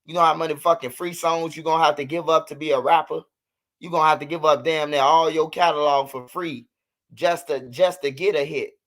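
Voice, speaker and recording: A man's voice: on the high side, steady tone, fairly quick, a bit bright. A man in his thirties hosting a livestream, talking loosely and profanely in casual chat. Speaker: livestream host.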